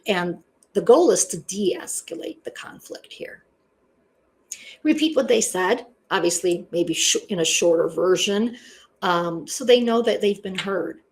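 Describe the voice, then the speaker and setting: Blunt, chatty woman teaching a class. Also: mid-range voice. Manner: blunt, conversational, lots of "you know". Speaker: instructor. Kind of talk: casual online class lecture.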